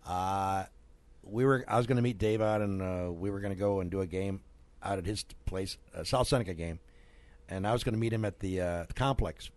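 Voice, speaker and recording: A middle-aged man hosting a local radio show, telling a story in a studio with lively asides and laughs. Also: low-pitched, brisk. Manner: animated storyteller, laughs mid-sentence. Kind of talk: casual storytelling and sponsor reads.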